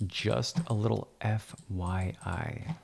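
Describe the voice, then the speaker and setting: A man's voice: lowish voice, fairly even intonation, slow, creaky, slight background noise. A man giving livestream commentary while editing photos, muttering to himself and breaking into sarcastic teasing rants. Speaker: photo editor streaming live.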